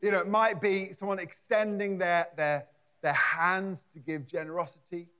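A man's voice: sits high, steady tone, normal speed, bright, forceful tone. A man preaching a conversational sermon in a church, often repeating words and adding asides. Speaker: pastor.

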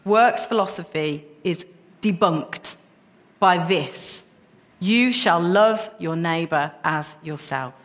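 A woman's voice: fairly low pitch, slow. A woman preaching a sermon, passionate and emphatic, her voice rising into repeated questions. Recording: long reverb of a hall.

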